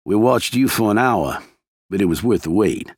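A man voicing a cold, menacing gunman who speaks in a slow Southern drawl. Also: fairly low pitch, lively intonation, breathy edge, dry recording, clean studio sound. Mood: smug. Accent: American Southern.

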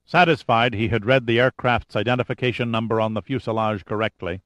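A man narrating an audiobook thriller in a steady, measured voice. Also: mid-range voice, no echo. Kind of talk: scripted narration.

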